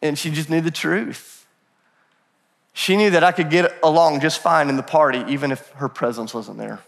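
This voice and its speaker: Lively male pastor in a reverberant hall. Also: a little high, moderate pace, gravelly. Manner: animated storytelling with self-deprecating humor. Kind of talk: sermon. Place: church sanctuary. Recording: long church hall reverb.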